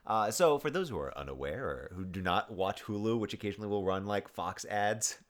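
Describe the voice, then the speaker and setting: A man in his thirties co-hosts a casual conversation, often stopping to restart his sentences and leaning on fillers. His pitch rises and falls freely as he wanders through his thoughts. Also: lively intonation. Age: 30s. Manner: rambling, halting with many restarts and fillers. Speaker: podcast co-host. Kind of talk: casual chat.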